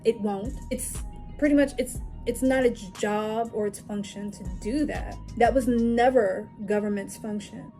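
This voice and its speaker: A woman with a mellow, darker tone lectures in a commentary monologue, firing off rhetorical questions and stacking points into emphatic lists. Soft music plays faintly underneath. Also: on the high side, a little slow. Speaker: political commentary vlogger.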